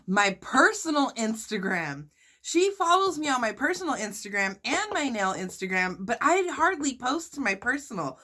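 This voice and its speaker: A young woman talks straight to her viewers, recounting a grievance in a lively, indignant way. Her voice sits a little high, and she breaks off now and then to address the audience. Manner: animated, indignant storytelling with quick asides to viewers. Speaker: mukbang vlogger. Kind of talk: casual storytelling to camera.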